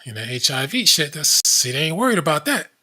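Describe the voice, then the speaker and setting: Blunt husky-voiced man reading from screen. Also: a little high, very animated, fairly quick, pushed and bright. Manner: blunt, reads aloud from screen, frequent asides. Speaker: commentary show host. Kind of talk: casual commentary while browsing web pages.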